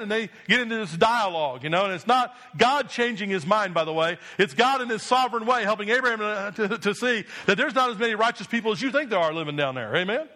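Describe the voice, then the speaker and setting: A man's voice: high-pitched, lively intonation, fast talker, few pauses, bright, forceful tone. A male pastor preaching a sermon in a church, emphatic and insistent, punctuating points with "Amen?". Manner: emphatic preaching with repeated call-and-response "Amen?".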